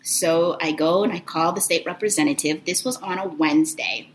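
A woman telling a personal story in an animated, expressive, conversational way. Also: fairly low pitch, moderate pace, a little hiss or hum, low-quality recording.

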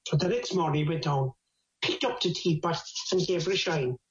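A man's voice: on the high side, animated, fairly quick. Irish man telling folk tales, roomy room, dull lo-fi sound, playful. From Ireland. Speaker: storyteller. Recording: roomy, slightly dull recording.

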